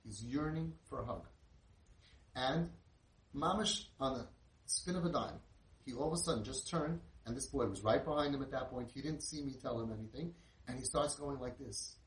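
A middle-aged man, telling an inspirational story in an animated way and sprinkling in Yiddish and Hebrew words. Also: mid-range voice, moderate pace. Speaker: inspirational speaker. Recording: roomy, distant mic with faint noise.

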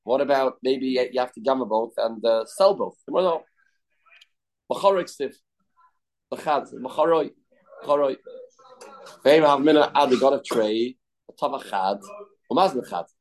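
A man works through a Talmud page in an even, mid-pitched voice. He reads the text and then translates it, often stopping and starting over. The delivery is a plain study-hall lesson. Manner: reads and translates text, quick, halting restarts. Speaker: Talmud teacher.

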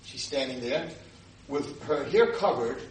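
A man teaching an audience as a rabbi, telling stories and acting out the voices of the people in them with sudden loud shouts. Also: medium pitch, lively intonation, unhurried. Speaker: rabbi lecturer. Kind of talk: animated storytelling lecture to a live audience. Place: community hall with audience. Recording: roomy distant room mic with noise.

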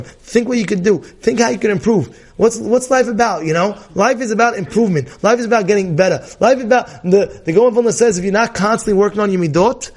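A man with a notably high voice delivers a Torah class as a sermon. He talks with animation, repeats key phrases and slips into little acted-out voices of worried people. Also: a little mellow. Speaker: rabbi.

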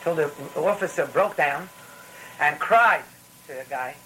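A man's voice: fairly high pitch, animated, a little slow, sharp tone, slight background noise, rough recording. A man with giving a rambling, storytelling Torah talk, full of restarts and phrases. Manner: rambling, repetitive restarts, mixes in Yiddish phrases.

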